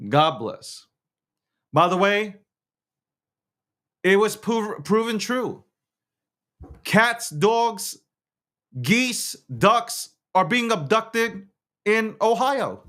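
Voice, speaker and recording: Animated man ranting casually, high lively pitch. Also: extremely slow, pauses often. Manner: animated, swearing, laughs often, restarts words. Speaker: show host. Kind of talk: casual political rant.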